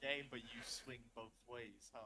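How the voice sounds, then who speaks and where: A man's voice: medium pitch, fairly even intonation, a little slow, pushed and bright, husky, no echo. A young man on a live stream, teasing his friend nonstop and throwing in mock news announcements. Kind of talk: casual chat on a live stream.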